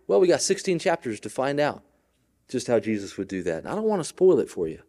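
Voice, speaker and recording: Animated preacher man with a lively voice. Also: on the high side, a little fast. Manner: animated preaching with wide swings between loud and quiet; conversational asides to the congregation. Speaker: pastor. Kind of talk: sermon.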